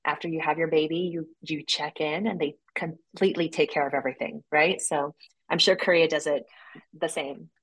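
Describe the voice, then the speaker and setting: Lower-voiced woman telling a personal story. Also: a little fast, slightly rough, poor audio. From United States. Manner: animated, acts out quoted voices with sudden jumps in pitch. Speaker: podcast guest. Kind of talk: casual interview storytelling.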